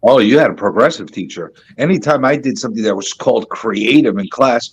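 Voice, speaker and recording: A man's voice: mid-range voice, lively intonation, a little fast, few pauses, breathy edge, rough recording. A man in casual chat who needles the others with pointed questions. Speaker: podcast co-host.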